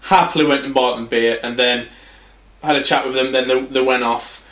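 A man's voice: medium pitch, steady tone, moderate pace, fairly bright tone, echoey room. A man hosting a podcast, talking casually, rambling through anecdotes and swearing freely. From England. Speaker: podcast host. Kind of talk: casual chat.

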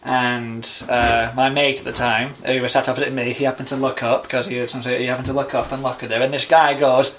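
A man's voice: medium pitch, moderate pace, fairly bright tone. A young man telling stories in casual chat, rambling with lots of fillers.

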